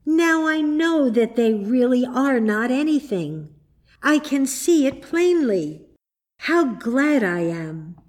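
A woman's voice: high voice, expressive, takes it slowly, a little mellow, pitched above the performer's own voice. A woman reading the part of an earnest, troubled young girl in a storybook, pleading and wondering. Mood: delighted.

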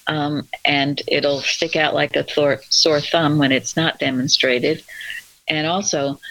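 Gravelly dry-voiced leader of a church roundtable. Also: mid-range voice, no room sound, low-quality recording. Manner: gentle, conversational, asks others for comments. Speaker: discussion leader.

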